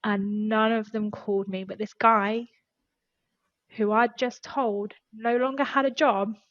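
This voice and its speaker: A woman's voice: medium pitch, steady tone, unhurried, fairly bright tone, no room sound, dull audio. A woman, a podcast guest and former HR specialist, telling an earnest and emotional story in casual conversation.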